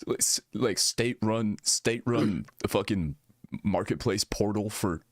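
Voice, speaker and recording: A man's voice: fairly low pitch, measured pace, dry recording, clean studio sound. A man streaming, chatting casually and reacting with slang and laughter.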